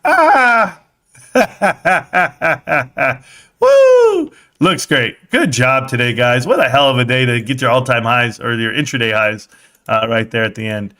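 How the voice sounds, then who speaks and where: A man in his thirties hosting a casual livestream, rambling and excitable, his voice rising loud and dropping soft. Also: medium pitch, a little fast. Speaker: livestream host. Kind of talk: casual stock-market livestream chat.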